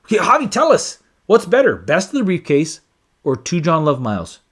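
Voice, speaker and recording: A man's voice: on the high side, wildly swooping pitch, moderate pace, fairly bright tone, breathy edge. A man hosting a casual live stream about whiskey, chatting with viewers and reading their comments aloud with frequent restarts. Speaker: whiskey channel host.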